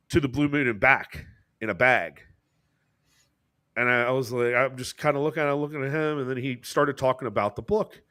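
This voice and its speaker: Brief: American podcast co-host, mid pitch, casual and animated, curses freely, goes high when quoting people. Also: male voice, fairly quick. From United States. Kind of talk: casual storytelling chat.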